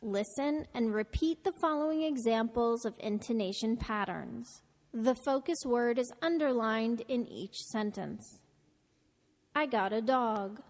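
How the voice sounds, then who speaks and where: A woman reading a scripted pronunciation lesson for a podcast, with slow, carefully enunciated delivery. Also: on the high side, expressive, darkish tone, big-room sound. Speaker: podcast narrator.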